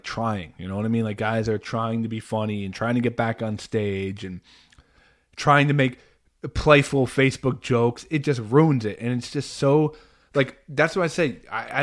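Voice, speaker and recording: Ranting man hosting a podcast. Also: medium pitch. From New Jersey. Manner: animated, ranting, lots of "like" and restarts. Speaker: podcast host. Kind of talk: casual podcast chat.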